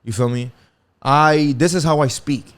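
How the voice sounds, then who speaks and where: A man's voice: fairly high pitch, moderate pace. A young man from the Bronx with a New York accent, hosting a solo podcast in a profane, rambling, casual way with lots of restarts and slang. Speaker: podcast host.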